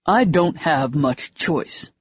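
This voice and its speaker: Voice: medium pitch, lively intonation, takes it slowly, husky, no room sound. An audiobook narrator voicing an angry, blunt young man who speaks in clipped, hard phrases. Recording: dry, slightly dull audiobook recording.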